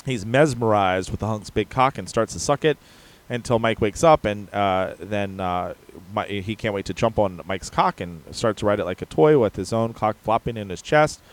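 A man's voice: fairly low pitch, normal speed. A man co-hosting a podcast, chatting casually and rambling with lots of filler words. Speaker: podcast co-host.

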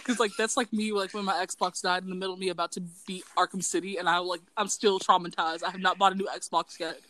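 A woman's voice: on the low side, fast talker. A young woman co-hosting a podcast, telling stories in casual chat and laughing often. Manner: laughing often, animated storytelling. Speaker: podcast co-host.

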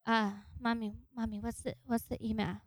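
A woman's voice: a little high, flat delivery, moderate pace, dry recording, natural voice. A woman doing a sassy foul-mouthed puppy. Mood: cheeky. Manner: cheeky, defiant, whiny.

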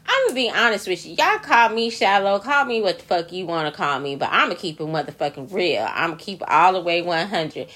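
A woman's voice: lowish voice, big pitch swings, brisk, few pauses, fairly bright tone. A woman hosting her own podcast, delivering a profane, incredulous solo rant full of emphatic repetition. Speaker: podcast host.

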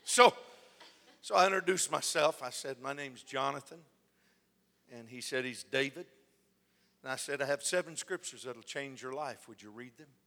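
A man preaching a sermon, telling a story with lively delivery and acting out the lines of the people in it. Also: mid-range voice, normal speed, pauses often. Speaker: pastor. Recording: long hall reverb.

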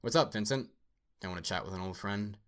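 Guy doing a vengeful undead android old man, roaring and menacing, voice all broken and loud. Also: low-pitched, sing-song, normal speed, exaggerated voice. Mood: taunting. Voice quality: roaring, broken static-laced voice. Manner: taunting and menacing.

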